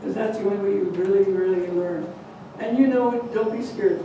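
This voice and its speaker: An older woman telling a folk tale aloud to an audience, animated and chatty, slipping in Spanish words. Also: medium pitch, brisk, muffled recording. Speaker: storyteller. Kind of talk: lively live storytelling. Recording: echoey hall, distant mic, noisy.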